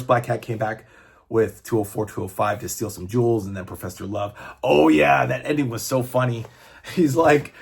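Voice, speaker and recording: Rambling, husky man in his fifties. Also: medium pitch. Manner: rambling, enthusiastic, swears casually. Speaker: comic book reviewer. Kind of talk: casual chat.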